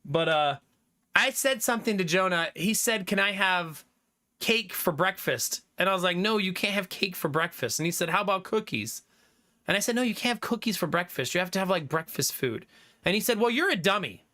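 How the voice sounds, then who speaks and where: A man with a high, bright voice chats with his stream audience about family life. His pitch swings widely as he tells lively, laughing stories, and he reads out viewer comments in a loose, casual way. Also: a little fast. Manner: animated storytelling with frequent laughter. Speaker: livestreamer.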